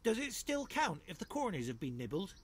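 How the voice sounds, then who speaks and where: A man's voice: sits high, huge pitch swings, brisk, breathy edge, voice pushed up, exaggerated voice. A man voicing a timid, rule-minded village man who speaks anxiously and hesitantly, in a storybook read-aloud.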